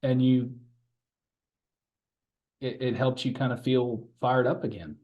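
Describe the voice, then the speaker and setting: Slow, halting young male interviewer. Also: mid-range voice, fairly even intonation, muffled recording. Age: young adult. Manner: halting, repeats words while forming questions. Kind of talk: interview questions.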